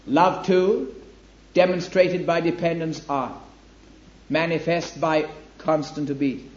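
A man preaching a sermon with an emphatic, declaiming delivery. His voice sits high for a man. The recording is echoey and dull, with faint room ambience behind him. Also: fairly even intonation, slow pace. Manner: emphatic, rising to loud declamation on scripture.

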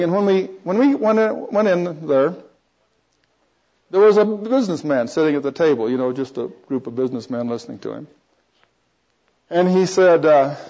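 A man's voice: fairly high pitch, warm tone. An older man preaching, telling a personal testimony as a rambling storyteller with many restarts and chuckles. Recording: dull lo-fi recording.

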